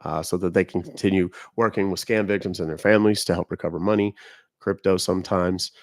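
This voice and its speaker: In casual livestream talk, an American host bluntly and emphatically warns his viewers. He speaks quickly in a low-pitched voice with fairly even intonation, and the recording is dry and clean, like a studio.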